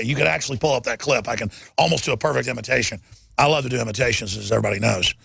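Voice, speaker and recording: A man's voice: medium pitch, racing, creaky, fairly bright tone, husky, no room sound. A man hosting a talk radio show, ranting urgently and emphatically, firing off lists. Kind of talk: political rant monologue.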